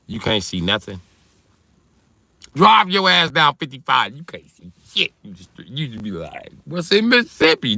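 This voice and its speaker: A man's voice: mid-range voice, sharp tone, dry recording. A man hosting a livestream, riffing through a loose, profane comedic rant and answering chat. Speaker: livestream host.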